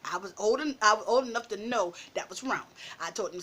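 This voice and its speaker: A woman vlogger telling a personal story in a casual, animated way, laughing often and calling her listeners baby. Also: mid-range voice, brisk.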